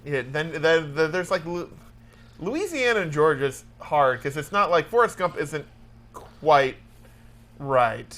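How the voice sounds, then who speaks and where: A man's voice: fairly high pitch, expressive, slow, a bit bright. A young man co-hosting a casual comedy chat, laughing easily and teasing his co-host.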